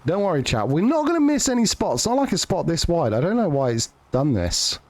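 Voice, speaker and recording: Lively, sweary gaming streamer guy. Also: on the high side, fairly quick. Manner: joking, sweary, rambling with restarts. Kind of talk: casual live-stream chat.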